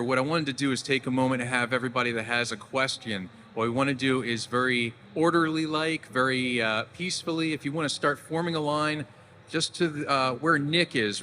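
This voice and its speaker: A man moderates a live panel in a casual, slightly rambling way. His voice is bright, and long hall reverb and a faint hiss surround him. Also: medium pitch. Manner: casual, loosely organized questions. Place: large convention hall.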